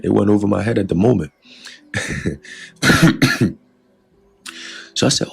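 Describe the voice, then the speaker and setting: A man's voice: fairly low pitch, slow, creaky, pauses often, slightly rough, faint music behind. A man giving an informal religious lesson in a loose, conversational way, filling his talk with "you know" and "all right". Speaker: religious teacher.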